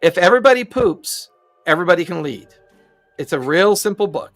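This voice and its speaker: A man's voice: sits high, animated, fairly quick, a bit bright, no echo, faint music behind. A man co-hosting a gaming podcast, giving strong opinions in a joking way and acting out little scenes. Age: adult parent. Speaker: podcast co-host. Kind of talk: casual opinionated chat.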